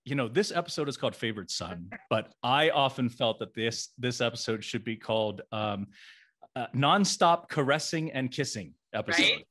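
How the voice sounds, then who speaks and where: A man's voice: mid-range voice, animated, moderate pace, pushed and bright. A man in his forties hosting a casual interview, chatty and playful, often rambling through restarts. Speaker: podcast host interviewing guest actresses.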